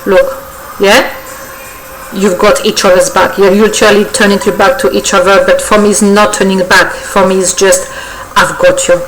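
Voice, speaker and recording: A woman's voice: mid-range voice, flat delivery, normal speed, a bit bright, a little hiss or hum, rough recording. A woman giving a weekly tarot reading to her viewers, effusive and coaxing, often checking in with "okay?" and repeating herself. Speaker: tarot reader. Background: faint birdsong.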